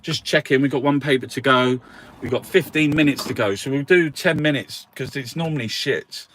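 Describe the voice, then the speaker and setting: A man's voice: mid-range voice, moderate pace, a bit bright, slight background noise. A man reviewing the news in a casual, sarcastic rant, swearing and laughing often. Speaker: political commentator reviewing newspapers. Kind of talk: casual ranting newspaper review.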